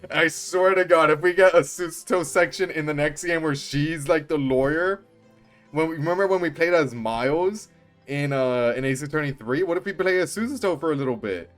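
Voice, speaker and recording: A man streaming a game, giving gushing, excited commentary and swearing casually. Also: on the high side, normal speed, soft background music.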